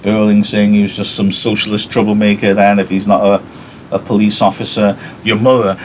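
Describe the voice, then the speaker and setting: A man's voice: on the low side, level tone, moderate pace, slight background noise. A man from the United Kingdom, a teacher, reading a play aloud to his class and adding chatty, wry, self-mocking commentary.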